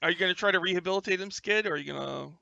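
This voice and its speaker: A man runs a tabletop game as game master, his voice high and bright with a gravelly edge. He swings widely in pitch and laughs often. The recording is dry and a little dull. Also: dry recording. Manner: laughs a lot, animated, quick to put on character lines. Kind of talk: running a tabletop game over voice chat.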